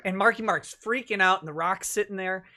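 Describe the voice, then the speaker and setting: A man's voice: high-pitched, a little fast, pushed and bright. A man hosting a casual livestream chat, reading out viewer comments and laughing often. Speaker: livestream host.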